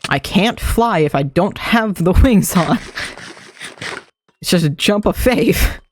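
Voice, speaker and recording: A streamer talks through a game in a slow, unhurried way, thinking aloud and muttering to themself. The voice sits at a middling pitch, and the commentary is loose and casual. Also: expressive, no room sound.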